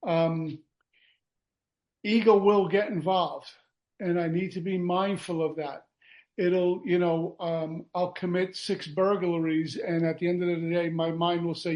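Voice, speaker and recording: A man shares at a recovery meeting, his voice set slightly high. He meanders through thoughts with plenty of fillers. Light self-mocking humour runs through it. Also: measured pace, muffled recording. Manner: relaxed, rambling with fillers and self-mocking jokes. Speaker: guest speaker.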